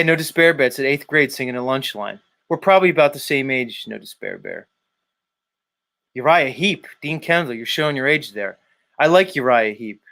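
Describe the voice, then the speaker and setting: A man's voice: medium pitch, fairly bright tone. A man in his forties hosting a live stream, loosely bantering with viewers, greeting them by name and swearing now and then. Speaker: livestream host. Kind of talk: casual chat reading viewer comments.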